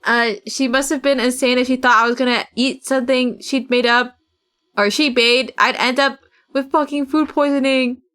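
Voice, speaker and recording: A woman's voice: high voice, steady tone, moderate pace, a bit bright, clean tone. Profane woman streamer reading a game aloud. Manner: casual, profane, laughs at the script; reads the game text dramatically. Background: faint game music.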